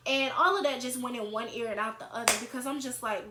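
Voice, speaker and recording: A young woman vlogger telling a storytime tale in an animated, chatty way. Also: sits high, brisk, hardly any pauses, noisy background. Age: young adult. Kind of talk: storytime vlog. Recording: echoey room.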